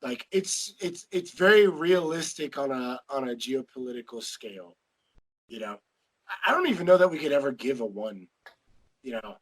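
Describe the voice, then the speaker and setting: A man's voice: medium pitch, animated, moderate pace, husky, rough recording. A man co-hosting a casual film discussion podcast, hesitant and often repeating words as he thinks. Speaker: podcast co-host.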